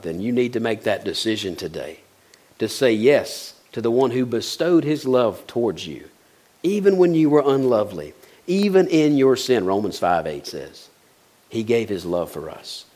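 A man preaching a sermon in a conversational way, often checking in with his listeners and acting out short quoted lines, then praying softly. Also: medium pitch. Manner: conversational preaching, keeps asking "right?"; acts out quoted voices, drops soft into prayer. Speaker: pastor.

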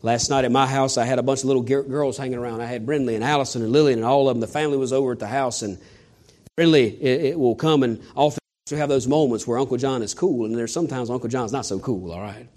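A man's voice: mid-range voice, steady tone, quick pace, darkish tone. A middle-aged male pastor preaching a sermon, acting out scripture quotes with swells and sudden drops in volume.

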